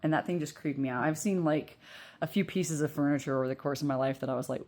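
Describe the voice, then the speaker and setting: Low-voiced chatty woman reading tarot. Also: sing-song, quick pace, darkish tone. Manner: chatty, rambling, laughs often, many fillers. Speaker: tarot reader. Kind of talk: casual pick-a-card reading. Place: at home. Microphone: earbuds.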